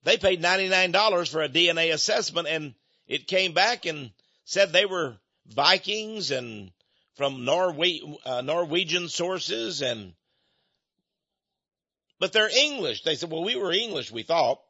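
A man's voice: a little high, animated, unhurried, bright, forceful tone, husky, no room sound. An older man giving a folksy, rambling monologue, chuckling between his points. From United States. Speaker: speaker. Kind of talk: opinionated monologue. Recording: dull lo-fi dry recording.

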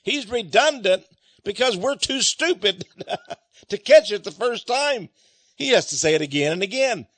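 A male preacher with a high, swooping voice, reading scripture and explaining it with emphasis. He fires rhetorical questions at his listeners and chuckles between points. The recording is dry and close, with no room sound. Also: expressive, unhurried, a bit bright, no echo.

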